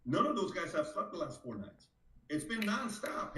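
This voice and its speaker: A man hosts a live political stream, pressing his points hard and repeating them. His voice sits a little high. He sounds set back from the mic in an echoey room. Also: sing-song, moderate pace, a bit bright, far from the mic, a little hiss or hum. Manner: emphatic, insistent, repeats for emphasis. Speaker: host of a live reaction stream.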